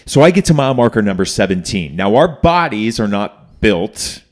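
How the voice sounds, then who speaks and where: A man hosting a podcast, telling a personal story in an emphatic, animated way and acting out the people he quotes. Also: on the low side, normal speed. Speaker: podcast host. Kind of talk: conversational storytelling.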